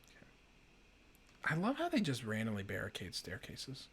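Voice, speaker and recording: Male let's-play host, bright, animated delivery, panicky cursing, casual banter. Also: mid-range voice, normal speed, breathy edge. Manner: swears a lot, panicky outbursts. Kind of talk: casual gameplay chat.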